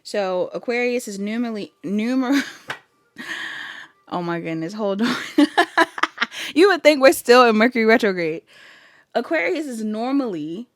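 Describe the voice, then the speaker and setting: A woman's voice: fairly high pitch, lively intonation, a little slow, long pauses, dry recording, clean studio sound. A woman giving a casual pick-a-card tarot reading to her viewers, chatty, laughing easily and thinking aloud as she goes. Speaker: tarot reader.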